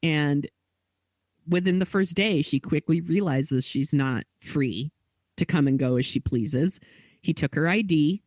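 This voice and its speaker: A woman's voice: low-pitched, a little slow, a little mellow, no room sound. A woman co-hosting a podcast, telling a story in casual chat with lots of "like" and quoted dialogue. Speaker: podcast co-host.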